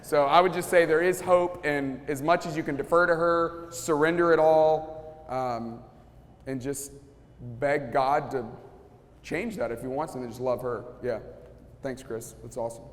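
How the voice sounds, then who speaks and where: A pastor speaking casually to a live audience, telling stories and acting out what people said, with many restarts. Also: male voice, fairly high pitch, unhurried. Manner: storytelling, acts out quotes, many restarts. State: sweating, feels hot. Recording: long hall reverb.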